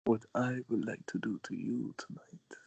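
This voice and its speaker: A man putting on a slow, breathy mock seduction as his hero, in whispered role-play. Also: lowish voice, a little mellow, no room sound, dull audio. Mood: mock seductive.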